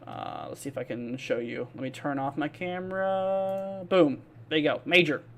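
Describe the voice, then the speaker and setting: Here the man running the live weather stream talks at a moderate pace, his voice on the high side. It's easygoing, filler-heavy chatter as he reads comments aloud and greets viewers by name.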